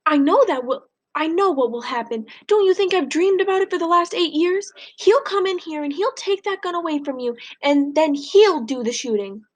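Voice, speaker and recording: Woman reading as a shrill, weepy old grandma, high and loud, read-aloud storybook. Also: sing-song, unhurried. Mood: tearful, shouting. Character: distraught, tearful elderly grandmother, shouting.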